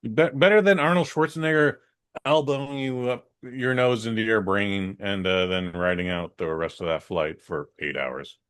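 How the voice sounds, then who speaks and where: A man with a lowish voice co-hosts a comedy podcast. He banters in an easygoing, teasing way, needling his partner's jokes. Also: normal speed, fairly bright tone, no room sound, clean studio sound. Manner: laid-back, teasing banter. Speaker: podcast co-host. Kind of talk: casual comedic podcast chat.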